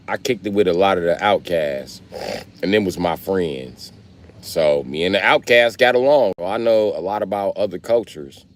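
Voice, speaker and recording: Deep-voiced and young, this male livestreamer chats with his viewers in a loose, rambling, profane way, addressing the chat directly. There's a slight hiss or hum in the audio.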